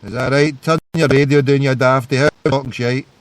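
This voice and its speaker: A man's voice: medium pitch, fairly even intonation, quick pace, no echo. A Scottish man hosting a live internet radio call-in show, ranting and hurling insults in a rambling way.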